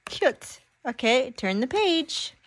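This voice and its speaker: A mother reading a picture book aloud to her toddler in an animated, sing-song way, with gasps, exclamations and animal sounds. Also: high-pitched, slow, no room sound.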